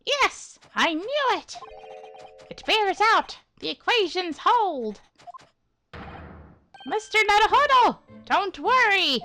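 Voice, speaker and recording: A woman voicing an excitable, self-assured male scientist in a game read-along, with a gleeful, triumphant delivery. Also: soft background music, exaggerated voice. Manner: gleeful, triumphant, high and quick.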